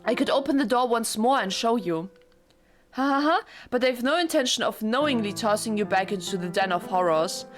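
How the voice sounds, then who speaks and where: A woman voicing a chillingly gentle young maid, speaking softly and formally as she reads a visual novel aloud. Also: fairly high pitch, animated, brisk, faint music behind, lightly acted. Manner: soft, formal and courteous.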